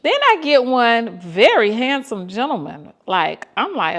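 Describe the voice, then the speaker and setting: A woman in her fifties with a Southern US accent, telling dating stories to her viewers in an animated, exasperated way, acting out bits of the dialogue. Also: on the high side, takes it slowly. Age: 50s. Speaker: vlogger. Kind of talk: casual storytelling to viewers.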